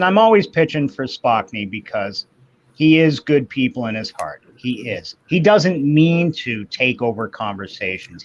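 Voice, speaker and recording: A man in his fifties hosts a casual livestream, swearing freely as he rants through a long story. His voice sits in an ordinary middle register. The audio comes through a little muffled and dull. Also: mid-range voice. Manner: profane, ranting storyteller. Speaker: livestream host. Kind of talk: casual chat. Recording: slightly muffled stream audio.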